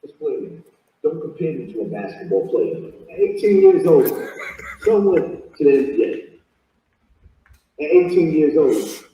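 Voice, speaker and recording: Boastful man in a booming, distant clip. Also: huge pitch swings, a little slow, pauses often, dark tone. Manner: boastful, defiant. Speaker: interviewee in a played clip. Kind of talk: boastful street talk. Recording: echoey distant clip with animal noise.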